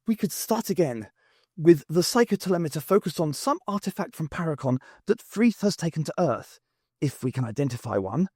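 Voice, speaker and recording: A man reading aloud and voicing an eccentric male scientist who speaks quickly, decisively and with command. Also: fairly high pitch, lively intonation, a little mellow, breathy edge, dry recording, studio quality, voice pushed up. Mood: urgent.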